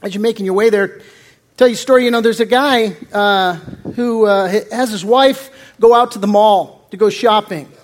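A man's voice: high voice, normal speed. A male pastor preaching a conversational sermon that mixes jokes into the teaching, talking with lots of fillers and restarts.

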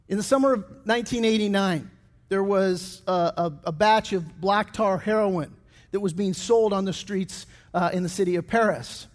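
A man's voice: high-pitched, normal speed, in a large hall. A middle-aged man preaching a sermon as pastor, telling stories with many restarts and fillers.

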